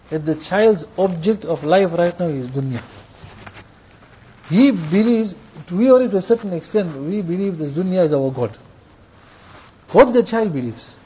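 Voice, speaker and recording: A man's voice: high voice, warm tone, husky. A man preaching a sermon to his brothers, repeating phrases for emphasis.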